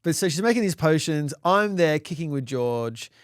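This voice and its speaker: Aussie dad on a podcast, voice bouncing all over, dry close sound, swears and laughs. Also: male voice, a little high, moderate pace, smooth, dry recording. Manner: animated, acts out quotes, swears, laughs a lot. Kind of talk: casual storytelling chat.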